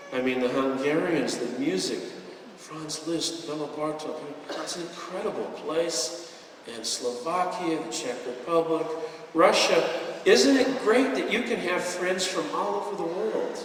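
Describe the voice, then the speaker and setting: A man with a somewhat high voice delivers an earnest, heartfelt speech from a stage in a large convention hall. He mixes sincere thanks with light jokes. The sound is distant and heavily echoey, with a faint hiss underneath. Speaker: guest speaker at a business convention. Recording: echoey hall, voice picked up from far off.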